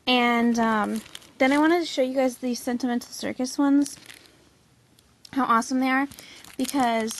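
A young woman filming a casual haul video, gushing excitedly with lots of "like" and "oh my god". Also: a little high, slight background noise. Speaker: vlogger showing a haul.

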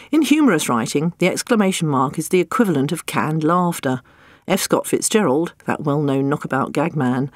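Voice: mid-range voice, dry recording, clean studio sound. Wry audiobook narrator. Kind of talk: scripted narration of a humorous nonfiction audiobook.

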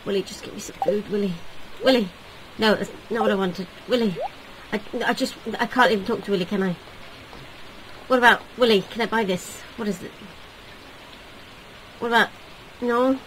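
A woman's voice: medium pitch, moderate pace, pauses often, slight background noise, rough recording. A woman giving casual let's-play commentary, comically dramatic and given to whiny pleading. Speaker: video game player.

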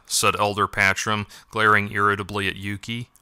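Bright, crisp male narrator. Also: sits low, little pitch movement, normal speed, few pauses, dry recording, clean studio sound. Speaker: audiobook narrator. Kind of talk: scripted narration.

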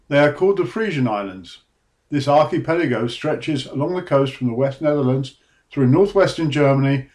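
Earnest man narrating his book. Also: medium pitch. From England. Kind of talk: scripted documentary narration.

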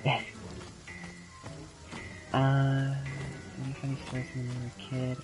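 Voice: mid-range voice, completely flat delivery, measured pace, over music, rough recording. A young adult gaming channel host giving casual gameplay commentary, telling stories in a rambling way with lots of ums and sudden bursts of laughter.

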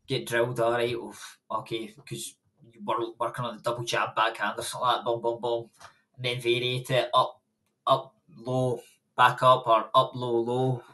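Here the young Scottish boxer has a bright, forceful, medium-pitched voice. As a guest in a relaxed interview, he rambles from story to story, laughing frequently.

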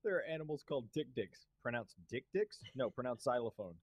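A man's voice: medium pitch, lively intonation, fairly quick, crowd noise. A young man playing a game with a friend, teasing and laughing a lot. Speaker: streamer's co-player. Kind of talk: casual gaming chat.

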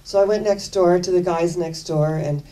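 Older woman minister, mellow and distant. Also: lowish voice, fairly even intonation, normal speed. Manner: conversational, earnest, repeats phrases for emphasis. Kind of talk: sermon with personal storytelling.

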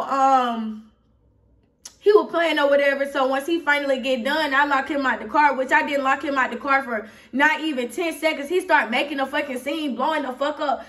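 High-voiced Atlanta woman telling a story. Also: fairly bright tone, recorded from a distance. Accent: Southern US, Atlanta. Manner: rambling and candid, frequent "you feel me", growing heated. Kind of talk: casual storytime vlog.

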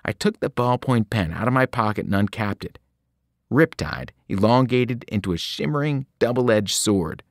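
A man's voice: fairly low pitch, normal speed. A male reader telling a story to students, his voice rising and falling with plenty of movement. He sounds close and dry, with no room echo. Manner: lively storytelling with sudden voiced cries. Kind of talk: reading a novel aloud.

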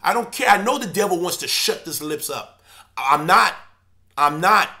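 A man preaching with a high-pitched, bright and forceful voice. He talks with great passion and hammers home his points by repeating phrases. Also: lively intonation, moderate pace. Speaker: church elder. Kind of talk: impassioned preaching monologue.

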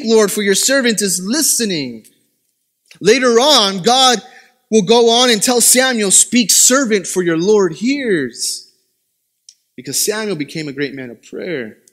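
A young male pastor delivers his sermon in a high, bright voice. He tells stories with lively, self-deprecating humor. His pitch swings sharply for dramatic emphasis.

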